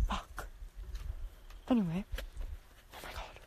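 A young woman livestreaming from her yard at night, chatting casually with viewers, jumpy and swearing, often dropping to hushed whispers. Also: on the low side, normal speed, pauses often, noisy background. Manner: jumpy, swearing, lots of "like" and "oh my god". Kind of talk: casual live stream chat. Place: outdoors at night around a house and yard.

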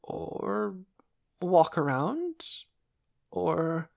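A man's voice: sits high, very animated, extremely slow, creaky, darkish tone, pitched above the performer's own voice, exaggerated voice. A man voicing a flustered, absent-minded woman doctor in an audiobook, hesitant and trailing off. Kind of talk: audiobook character voice.

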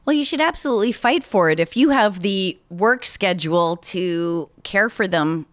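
A woman's voice: medium pitch, animated, moderate pace, fairly bright tone. A woman hosting a podcast in casual chat, slightly nasal as if she has a cold, rambling and self-deprecating. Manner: rambling and self-deprecating, with frequent restarts and laughs. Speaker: podcast host. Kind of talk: casual chat answering voicemails.

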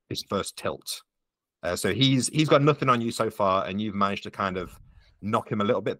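A man's voice: fairly low pitch, fairly bright tone, no room sound. A man running a tabletop game as game master, explaining the rules patiently with frequent ums.

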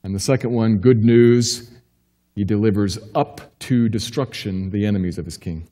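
A male pastor delivers a sermon in a church, his mellow, warm voice ringing with a long reverb. He preaches emphatically, climbing into urgent questions and then sinking low and quiet to reassure. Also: normal speed. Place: church sanctuary.

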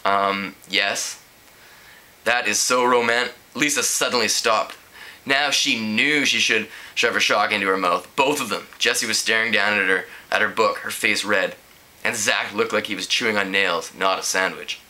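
A man's voice: fairly low pitch, moderate pace, sharp tone. A man casually reading a novel aloud, amused, with small slips. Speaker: reader.

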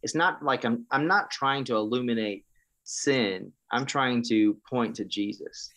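A man's voice: mid-range voice, measured pace, bright, forceful tone. A man in his thirties, a pastor, sharing his testimony in an interview, speaking earnestly and with passion, often restarting his sentences. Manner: earnest, impassioned, preacherly, with frequent restarts. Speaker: pastor and guest.

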